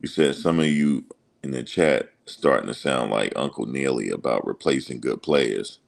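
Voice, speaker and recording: A man's voice: extremely low pitch, normal speed, creaky. A man hosting a casual sports livestream, rambling through stories and slipping into quoted voices. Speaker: host.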